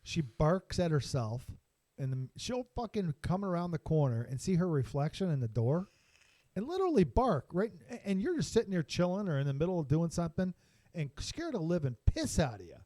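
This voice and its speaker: A laid-back man co-hosting a podcast, trading stories in loose, profane banter. His voice sits a little high and moves up and down a lot. He sits close to the mic, with a dry sound and no room echo. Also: sing-song, fairly quick, dark tone. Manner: laid-back, swears freely, laughs along. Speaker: podcast co-host. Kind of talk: casual chat.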